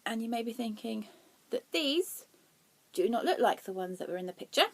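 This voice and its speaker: Giggly, excitable woman chatting about yarn. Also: on the high side, moderate pace, gravelly. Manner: excitable, giggly, self-deprecating. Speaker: knitting podcast host. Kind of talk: casual chatty yarn haul vlog.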